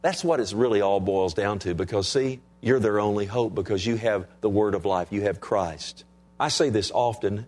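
A middle-aged male pastor preaching a conversational sermon, often asking the congregation whether they understand. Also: fairly low pitch.

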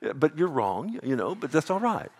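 A man preaching a sermon in an animated, swinging delivery. He punches key words loudly, then drops to an intense hush. He keeps checking in with the congregation as he goes. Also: on the high side, brisk, breathy edge. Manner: animated preaching, swinging from loud emphatic bursts to hushed intensity; calls out "Amen?" to the congregation. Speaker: pastor.

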